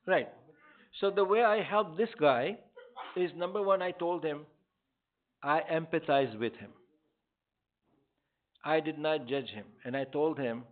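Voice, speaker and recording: A man's voice: fairly high pitch, a little slow, long pauses. An older man, a therapist, answering questions from a community audience in a direct, emphatic way. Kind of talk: community Q&A talk. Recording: tinny phone-like sound.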